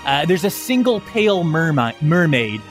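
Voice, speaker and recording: A man's voice: fairly high pitch, sing-song, moderate pace, faint music behind. A man narrating a tabletop game as game master, describing scenes in a playful, vivid way.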